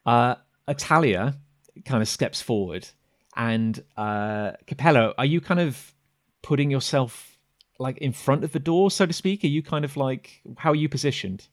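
A man's voice: mid-range voice, moderate pace. A man narrating a tabletop game as game master, hesitant and full of fillers.

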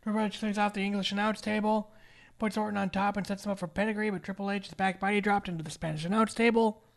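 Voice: medium pitch, steady tone, vocal fry. Joking podcast host recapping a match. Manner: joking, narrates match moves quickly. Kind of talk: casual podcast chat with play-by-play recap.

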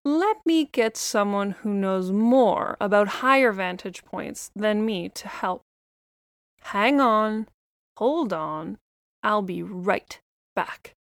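A woman's voice: mid-range voice, animated, takes it slowly, dry recording, studio quality. A woman doing an eager little blue jay. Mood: eager helpful.

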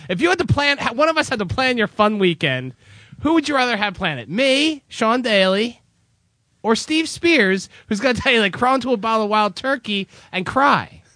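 A man's voice: high voice, pushed and bright, dry recording. A man from Canada hosting a radio show, teasing and playful in bantering movie talk. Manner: teasing, playful, mock-enthusiastic.

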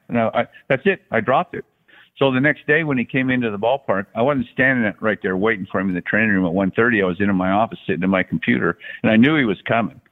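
An older man in his sixties tells stories in a relaxed, folksy way, restarting his sentences often and acting out the voices of people he quotes. His voice sits fairly low, and it comes through a narrow, tinny phone line. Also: brisk. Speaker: guest, former baseball athletic trainer. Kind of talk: relaxed anecdotal storytelling.

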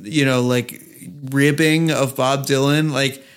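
A man's voice: medium pitch, fairly even intonation, slow pace, clear, resonant tone. A man co-hosting a podcast in casual chat, ranting with sarcasm and crude swearing. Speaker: podcast co-host.

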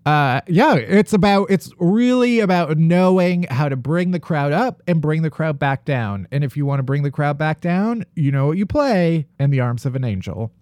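A man's voice: a little high, animated, darkish tone, dry recording. Male podcast host, casual and profane, dry close sound. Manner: joking, profane, quick asides. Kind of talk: casual chat.

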